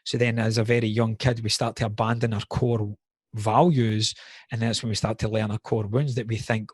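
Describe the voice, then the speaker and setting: A man's voice: on the low side, flat delivery, normal speed, breathy edge, no room sound, studio quality. A man in a casual podcast conversation, blunt and candid, swearing freely while reflecting on personal wounds.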